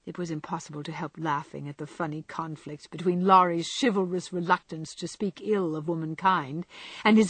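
A woman reading a classic novel aloud with measured, expressive storytelling. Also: fairly low pitch, breathy edge, no echo. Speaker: audiobook narrator.

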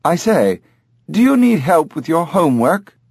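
A man's voice: a little high, sing-song, unhurried, creaky, a little mellow, slightly rough, no echo, clean studio sound, pitched above the performer's own voice, full character voice. A man voicing Gerard, a prim talking parrot. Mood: chatty. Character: chatty talking gray parrot, mimics voices.

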